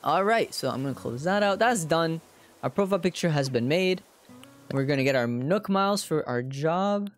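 A woman streamer casually narrating her own moves in a video game, chatty and self-deprecating, now and then breaking into loud squealing yells. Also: sits low, animated, normal speed, soft background music. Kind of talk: casual livestream gameplay commentary.

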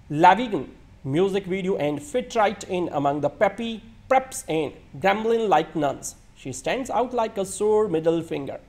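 A man's voice: high-pitched, darkish tone. A man reading a film review aloud from a script, now and then stumbling and restarting a word. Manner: reads a written script with occasional stumbles and restarts.

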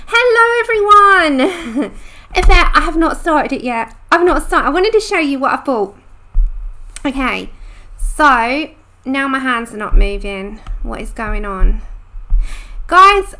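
A UK woman with a high, bright, forceful voice hosts a casual live stream, chatting away and apologizing while she fixes her sound.

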